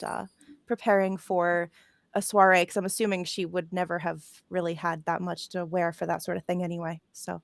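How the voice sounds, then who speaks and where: A woman's voice: mid-range voice, clean tone, no room sound, studio quality. A woman playing a tabletop game who describes her character hesitantly, with many fillers. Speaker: player.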